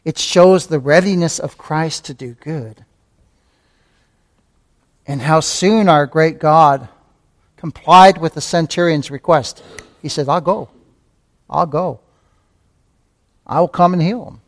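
A man's voice: on the high side, slow, pauses often. A man preaching a sermon as pastor, repeating key phrases, asking rhetorical questions and calling listeners beloved. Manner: repeats key phrases, rising to fervent emphasis.

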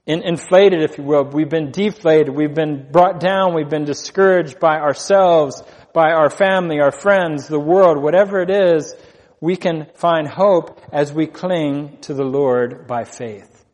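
A man's voice: fairly high pitch, a little slow, darkish tone, in a large hall. A man preaching a sermon as pastor, earnest, repeating key phrases for emphasis.

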